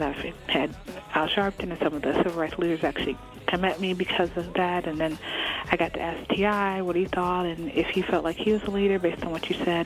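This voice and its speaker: A woman hosting a radio interview in a chatty, candid manner, often circling back and restarting her sentences. Her voice sits on the low side for a woman, over a soft music bed. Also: low-quality recording. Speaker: radio host.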